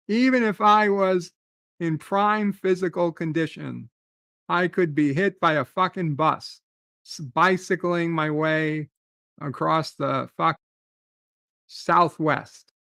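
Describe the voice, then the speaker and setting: A man's voice: on the high side, slow, long pauses, fairly bright tone, no room sound, clean studio sound. A man hosting a live stream, ranting in a rambling, profane way and answering chat comments.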